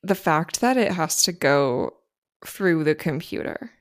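Low-voiced chatty woman co-host. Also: animated. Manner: quick to react, chatty, swears casually. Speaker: podcast co-host. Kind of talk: casual chat, reading listener stories.

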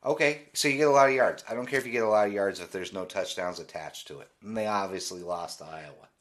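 A man's voice: on the low side, fast, fairly bright tone. Opinionated man ranting about football. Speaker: podcast host. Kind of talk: solo sports podcast commentary.

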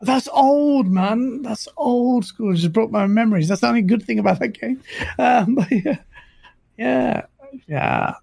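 A man's voice: extremely high pitch, unhurried, creaky, darkish tone, breathy edge, no room sound. A man with a London accent co-hosting a live stream, talking enthusiastically, laughing often and repeating himself. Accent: London English. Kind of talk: casual live-stream chat.

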